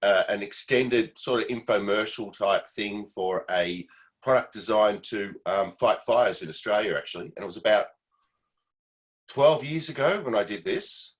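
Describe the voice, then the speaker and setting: Participant: man, lowish voice, rambling advisory talk over a video call. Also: moderate pace, low-quality recording. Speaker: meeting participant, former session musician. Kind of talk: casual video-call chat.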